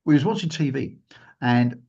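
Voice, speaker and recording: A man telling a personal story during a talk, animated and acting out the lines of the people he quotes. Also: medium pitch, moderate pace, vocal fry, breathy edge. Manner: animated, acts out quotes in a raised voice. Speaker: guest speaker. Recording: dull lo-fi recording.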